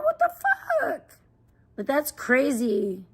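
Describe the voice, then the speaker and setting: A woman livestreaming, ranting in a profane, defensive way that swings between muttering and loud outbursts. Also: high voice, moderate pace, gravelly, breathy edge. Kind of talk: casual livestream rant.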